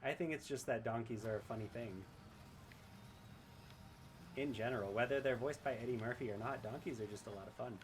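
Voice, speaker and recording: A man's voice: medium pitch, brisk, long pauses, noisy background. Chatty man streaming a game. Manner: chatty, rambling, often laughing. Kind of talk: casual gameplay commentary and reading chat aloud.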